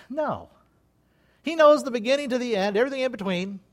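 A middle-aged man preaching an informal sermon in a folksy, animated way, often laughing and acting out voices. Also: very high voice, a little fast.

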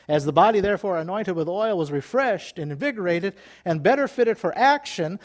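Animated folksy preacher, high lively voice. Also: male voice. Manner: folksy and joking, laughs at his own asides; reads scripture aloud between comments. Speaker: pastor. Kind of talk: sermon.

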